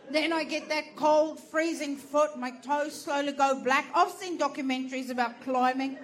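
A woman's voice: high voice, a bit bright, slight background noise. A woman doing stand-up, telling a story animatedly, swearing and laughing through it. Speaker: stand-up comedian.

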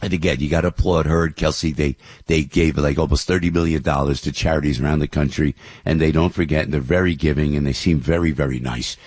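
A man's voice: extremely low pitch, steady tone, fast talker, darkish tone, slightly rough, no room sound, studio quality. An older man hosting talk radio, rambling through news headlines with opinions, many fillers and restarts. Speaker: radio show host.

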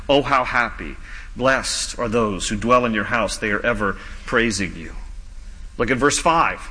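A male pastor preaching a sermon, slow and emphatic, dropping low and soft on key lines. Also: long reverb tail, poor audio.

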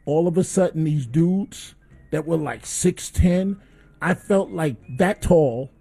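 A man hosting a talk radio show, telling a story in an animated way. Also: on the high side, takes it slowly, vocal fry, faint music behind. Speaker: radio host.

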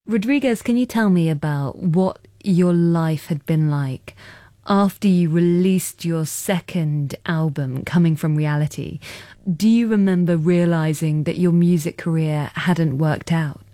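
A woman host narrating a documentary-style podcast and asking interview questions in a measured way. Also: lowish voice, dark tone, no room sound, studio quality.

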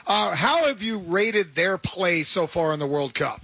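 A man's voice: high-pitched, expressive, measured pace, pushed and bright, breathy edge, muffled recording. A man hosting a sports radio show, chatting with enthusiasm and reading promos. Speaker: radio host.

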